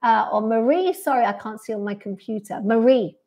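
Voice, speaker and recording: A woman's voice: a little high, a little fast, mellow. A woman, a pilates instructor chatting on a live stream and answering viewer comments one by one in a friendly way, from a sunny room indoors. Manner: friendly, reads out viewer comments and replies to each.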